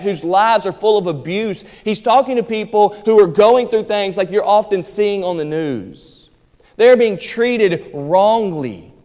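A man preaching a sermon as pastor in a church, with emphatic delivery that moves between quick asides and slow, stressed phrases. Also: high voice, a little mellow. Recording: hall reverb.

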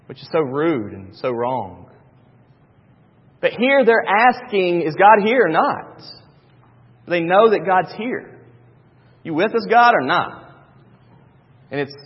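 A man preaches to his congregation from the pulpit, driving points home by repeating them. His voice sits high and a little husky. The recording is dull and rings with the long reverb of a big church hall. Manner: repetitive, emphatic preaching with homely asides. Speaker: pastor. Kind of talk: sermon. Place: church sanctuary.

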